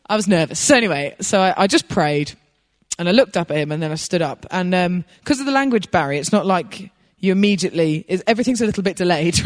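A woman preaching a sermon, telling a personal story in an animated way and laughing as she goes. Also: on the low side, long reverb tail.

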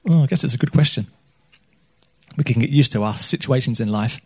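A man's voice: mid-range voice, fairly quick, long pauses, darkish tone, husky. A man preaching a sermon on a small church stage, chatty and joking, throwing questions out to the congregation.

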